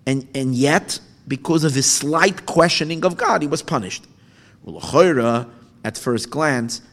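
A man's voice: mid-range voice, fairly bright tone. A man gives a Torah lesson. He reads Hebrew lines aloud and translates each one, often stumbling over repeated words as he thinks. His voice rings with a long reverb, as if he is speaking in a large hall. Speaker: Torah teacher. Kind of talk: lecture explaining a text.

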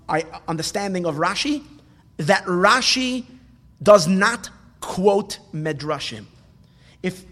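Male Torah teacher, high voice, long reverb of a hall, questioning lecture style. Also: a bit bright. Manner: questioning, explains Hebrew phrases with translations.

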